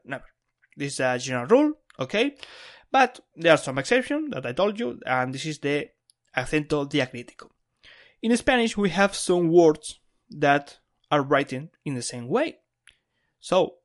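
Emphatic man teaching Spanish in a podcast. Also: on the high side. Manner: lively, emphatic, repeats words for stress. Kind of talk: bilingual language lesson.

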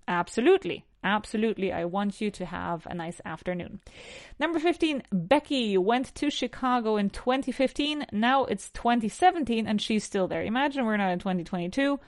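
A woman's voice: medium pitch, darkish tone, no room sound, studio quality. A woman with a Spanish accent teaching English on a podcast, asking numbered questions and answering them in full sentences.

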